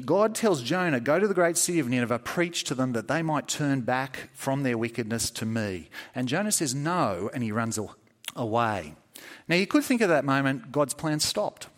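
A man preaching a sermon to a congregation with children, telling stories with lively, acted-out scenes. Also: fairly high pitch. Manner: animated storytelling, acts out scenes with shouts and mock laughs.

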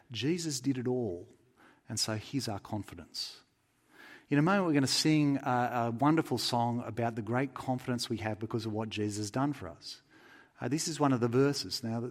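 A man preaching a sermon in an earnest, conversational way, dropping soft for pleading and prayer. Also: medium pitch.

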